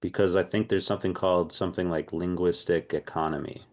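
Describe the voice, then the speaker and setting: Man, very low voice, language teacher, thinks out loud, repeats himself. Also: steady tone, a little fast. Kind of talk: online group class.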